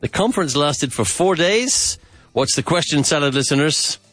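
Lively male English teacher. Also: fairly high pitch, normal speed, no room sound, faint music behind. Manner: repeats phrases, drills questions, enthusiastic. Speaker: English teacher and podcast host. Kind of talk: podcast grammar lesson with Spanish asides.

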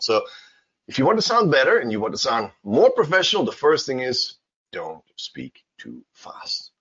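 Man, teacher giving a seminar, expressive husky voice, emphatic check-ins, dull lo-fi sound. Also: medium pitch. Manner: animated, emphatic, frequent checks like okay and right. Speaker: English teacher. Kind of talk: seminar talk. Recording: dull lo-fi recording.

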